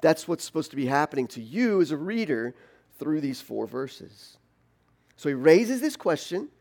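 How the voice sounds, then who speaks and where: A pastor preaching a sermon in an animated, conversational way, acting out the questions a listener might ask. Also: male voice, a little high, normal speed, gravelly. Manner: animated, teasing and conversational, voices imagined objections.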